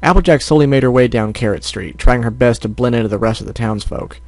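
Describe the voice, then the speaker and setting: A man's voice: medium pitch, fast talker, creaky, no echo. A man reading fan fiction aloud as an amateur audiobook, sometimes stumbling and correcting himself. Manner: narrates with stumbles and self-corrections.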